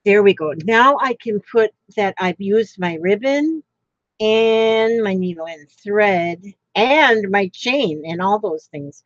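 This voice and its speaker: A woman's voice: mid-range voice, animated, slow, no echo, lo-fi sound. A woman from Florida who chats casually while crafting on a livestream and reads out viewer comments. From Florida, United States.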